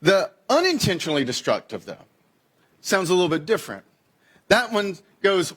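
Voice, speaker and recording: Male pastor, 30s, slightly high voice; chatty sermon delivery that leaps up in pitch when acting out quoted dialogue. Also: very animated, normal speed, husky. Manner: conversational, acts out quoted exchanges with sharp pitch jumps. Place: church sanctuary.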